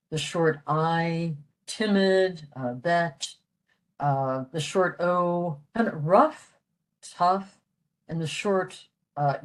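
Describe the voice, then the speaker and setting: Slow, low-voiced older woman lecturing. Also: poor audio. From western Pennsylvania, USA. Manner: patient, explanatory, with frequent fillers. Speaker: library program presenter. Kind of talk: informal language lecture.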